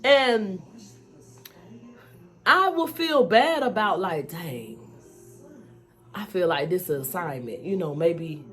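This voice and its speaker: Candid woman vlogger, low voice. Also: expressive, takes it slowly, long pauses, slightly rough, faint music behind. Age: adult, mother of school-age children. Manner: candid, emphatic, frequent "you know" and "y'all". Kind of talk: personal storytelling vlog.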